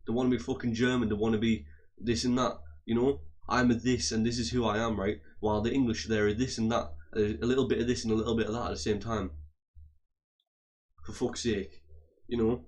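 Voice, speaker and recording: A man's voice: lowish voice, flat delivery, a little fast, a little mellow. A man ranting heatedly to his audience, swearing often and repeating and restarting his phrases. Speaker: vlogger. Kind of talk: angry profane rant to camera.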